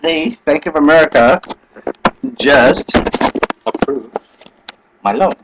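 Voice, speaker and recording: A man's voice: a little high, expressive, slow pace, noisy background. A man with a Southern US accent recording himself on his webcam, talking emphatically and adding asides. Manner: emphatic, keeps adding "allegedly". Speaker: vlogger recording his own phone calls. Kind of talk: webcam vlog.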